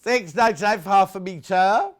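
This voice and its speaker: A man's voice: high voice, moderate pace. A man presenting fabrics on a live shopping channel, chatting and joking casually and reading out viewer messages. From United Kingdom. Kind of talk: casual live sales chat.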